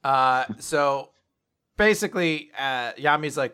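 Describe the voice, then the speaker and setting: A man talks through a story recap in a casual, rambling way, reading characters' lines as he goes. His voice is bright and sits a little high. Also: sing-song, moderate pace. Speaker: podcast co-host. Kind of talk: casual chapter recap chat.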